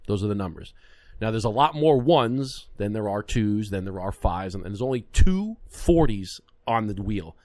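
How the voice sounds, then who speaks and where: A man's voice: fairly low pitch, normal speed, dry recording. A man in his thirties co-hosting a podcast, telling a story in casual chat and acting out the other people in it. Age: 30s. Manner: animated, acts out the voices in his stories. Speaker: podcast co-host. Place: podcast studio.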